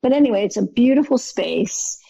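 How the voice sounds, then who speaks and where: A woman's voice: a little high, animated, fairly quick, creaky, breathy edge, no echo. A woman guest talking about art in a rambling, earnest way, often correcting herself. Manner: rambling, earnest, with frequent self-corrections and soft laughs. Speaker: guest artist. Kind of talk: casual conversation. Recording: dull lo-fi recording.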